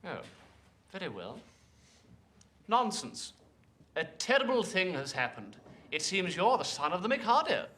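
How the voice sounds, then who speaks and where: A theatrical Victorian comic actor, flustered and showy. His voice is high, bright and sings up and down. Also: huge pitch swings, measured pace, long pauses, reverberant, heavily acted. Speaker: actor rehearsing a comic role. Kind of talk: period film acting.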